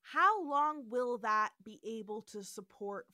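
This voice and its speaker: Bright, animated woman podcast host. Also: on the high side, takes it slowly, dry recording, studio quality. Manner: animated storytelling with frequent voices and laughter. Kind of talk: casual episode recap.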